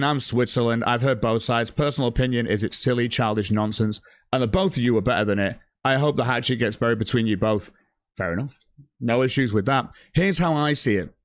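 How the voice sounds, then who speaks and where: On his livestream, a man rants angrily, swearing heavily and reading chat messages aloud in a profane, heated way. His voice is medium in pitch, and the recording is dry with clean studio sound.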